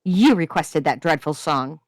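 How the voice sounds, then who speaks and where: A woman's voice: sits low, expressive, unhurried, dry recording, clean studio sound. A woman reading aloud as a haughty, controlling vampire mother who scolds through clenched teeth. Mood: scolding. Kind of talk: dramatic reading of a story.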